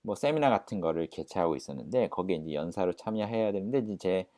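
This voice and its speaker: A man with a Korean accent teaching English, echoing English lines slowly and then explaining them quickly in Korean. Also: sits low, lively intonation, mellow. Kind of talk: language lesson, repeating and explaining phrases.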